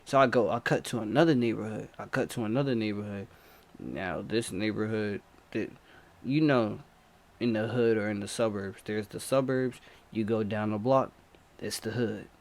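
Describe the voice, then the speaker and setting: A man's voice: fairly low pitch, normal speed. A man animatedly retelling a personal chase story in a slangy, repetitive, breathless way. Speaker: storyteller vlogger.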